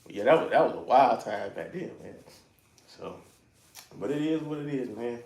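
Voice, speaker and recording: A man's voice: mid-range voice, animated, normal speed, vocal fry, darkish tone, echoey room, slight background noise. A man with a South Carolina accent, hosting a casual garage livestream in a laid-back, chuckling way with folksy slang. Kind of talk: casual live-stream chat. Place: home garage.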